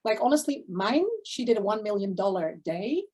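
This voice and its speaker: A woman coach giving an enthusiastic motivational live talk to her online community, effusive, with sudden gasps and quick swings between loud and hushed. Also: on the high side, animated, breathy edge. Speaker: spiritual abundance coach.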